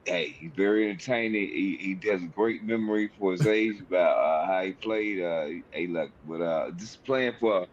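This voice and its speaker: A man's voice: low voice, normal speed, hardly any pauses, a little hiss or hum. A man co-hosting a podcast, asking a question in a casual, hesitant way full of fillers. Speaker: podcast co-host. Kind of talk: casual chat. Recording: muffled lo-fi audio.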